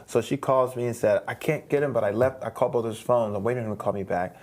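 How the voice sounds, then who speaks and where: A man's voice: medium pitch, fast. A man, a guest singer, telling a long story in a studio interview, rambling, with many restarts and repeated words. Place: streaming studio.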